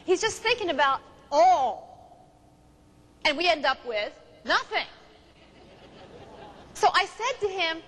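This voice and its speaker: A woman's voice: extremely high pitch, big pitch swings, slow, pauses often, a bit bright, long reverb tail. A woman giving an emphatic, storytelling seminar talk on relationships. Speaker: relationship speaker.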